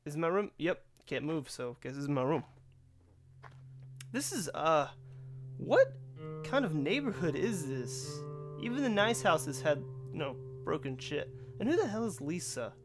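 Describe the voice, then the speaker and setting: A man's voice: on the high side, very animated, normal speed, faint music behind. Let's play host, man, rambling and profane, easy laughter. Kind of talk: casual gameplay commentary.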